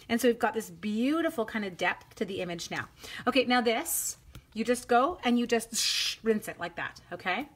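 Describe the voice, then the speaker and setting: A woman's voice: a little high, very animated, a little fast, a bit bright. A middle-aged woman demonstrating card making, chatting with viewers in a giddy, self-teasing way. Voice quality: sings little la-la runs between steps. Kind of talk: live crafting demo chat.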